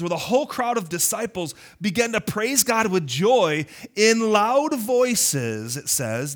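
A male pastor preaching a lively, conversational sermon, teasing his congregation. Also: sits high.

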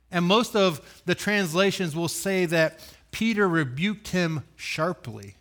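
A man preaching a sermon, telling the story with animated acted-out voices, loud sudden bursts and dry joking asides. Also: high voice, unhurried, few pauses. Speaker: pastor.

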